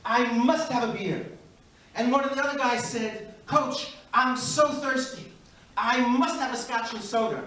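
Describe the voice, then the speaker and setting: A man's voice: very high voice, a little slow, pushed and bright, pitched above the performer's own voice, full character voice. A man voicing an earnest young rower, talking in a raised, emphatic sing-song. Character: earnest young male rower, pleading to his mother. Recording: very echoey hall, far mic.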